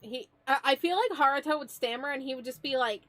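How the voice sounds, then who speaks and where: A young adult woman streams while drawing, chatting in a gushing, playful, slangy manner. Her voice sits high and a bit bright, her pace is quick, and there's no room sound.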